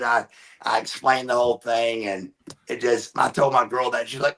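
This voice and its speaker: A man's voice: medium pitch, steady tone, moderate pace, vocal fry, fairly bright tone. A man in his fifties, a guest in a casual interview, talking in a loose, rambling way. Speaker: guest, former pro wrestler.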